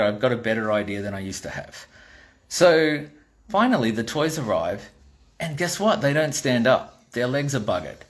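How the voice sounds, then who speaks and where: A middle-aged Australian man who designs toys, telling a blunt, swearing story in a casual monologue, acting out the dialogue as he goes. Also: mid-range voice. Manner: blunt and swearing, animated retelling with quoted dialogue. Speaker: toy designer.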